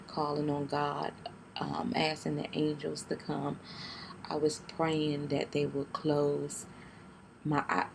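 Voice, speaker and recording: A young woman vlogs about a painful experience, her voice low and gravelly, hardly rising or falling. Tearful and hesitant, she restarts often and speaks quietly, with obvious noise in the background of the recording.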